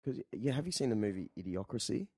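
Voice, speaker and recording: A man's voice: fairly low pitch, very animated, quick pace, a little mellow, slightly rough, dry recording, studio quality. A man hosting a casual chat over beers, rambling loosely and swearing now and then. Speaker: podcast host. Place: indoors, relaxed room.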